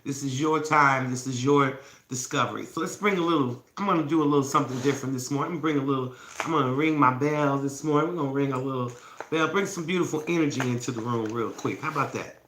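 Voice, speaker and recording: A woman's voice: very deep voice, fast talker. A woman hosting a casual morning livestream on her phone, playful and affectionate, calling her viewers babies. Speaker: self-love challenge host. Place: indoor room with candles. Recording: echoey room with faint background noise.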